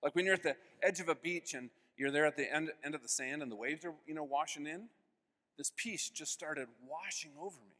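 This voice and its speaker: A man's voice: on the high side, a little fast. Earnest man telling his story, reverberant hall. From United States. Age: 50s. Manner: earnest storytelling with sudden swings in loudness. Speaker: keynote speaker. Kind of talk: personal faith testimony. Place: large convention hall.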